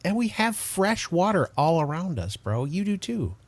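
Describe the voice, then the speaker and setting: A man co-hosting a podcast, chatting casually in an animated, emphatic way and laughing often. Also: sits high, moderate pace, no echo. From Detroit. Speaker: podcast co-host. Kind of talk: casual chat.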